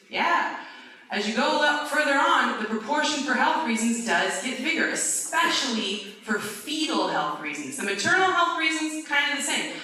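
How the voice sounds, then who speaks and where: Bright-voiced woman lecturing in an echoey hall. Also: medium pitch. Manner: conversational, checks in with "okay?" and "right?" tags; lively, argues point by point. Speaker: conference speaker. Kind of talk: lecture-style presentation. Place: large university lecture hall. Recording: echoey hall, distant mic.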